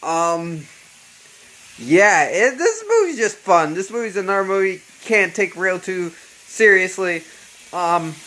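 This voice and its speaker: A man with a slightly raised pitch talks loosely about movies, wandering between thoughts. He swears freely, and ums and uhs fill his sentences. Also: pushed and bright. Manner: rambling, profane, full of ums and uhs. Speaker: vlogger reviewing horror films. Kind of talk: casual chat.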